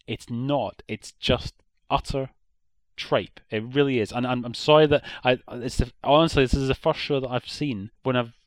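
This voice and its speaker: A man's voice: mid-range voice, steady tone, moderate pace, dry recording. Irish guy on a podcast, blunt and opinionated, dry close sound. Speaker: podcast co-host. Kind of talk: casual podcast review.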